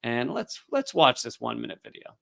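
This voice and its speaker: A man's voice: mid-range voice, sing-song, brisk, vocal fry, a bit bright. A man hosting a live political commentary show, talking in a sarcastic, ranting way. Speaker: show host.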